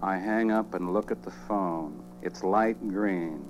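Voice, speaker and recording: Guy reading poems real slow, dry deadpan delivery, deep voice. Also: slight background noise, low-quality recording. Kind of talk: spoken-word poetry reading.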